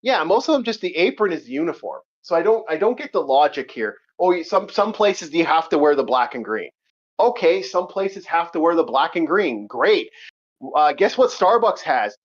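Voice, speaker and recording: A man's voice: a little high, sing-song, normal speed. A man hosting a podcast in casual chat, rambling and profane, laughing often. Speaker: podcast host. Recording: lo-fi muffled audio.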